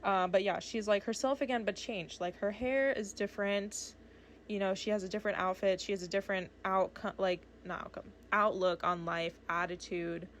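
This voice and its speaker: A woman's voice: mid-range voice, fairly even intonation, normal speed, a little hiss or hum. A young woman rambling casually about a film at her desk while drawing, gushing and chatty, with lots of fillers. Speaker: art vlogger. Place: home desk with her cat. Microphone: desk microphone.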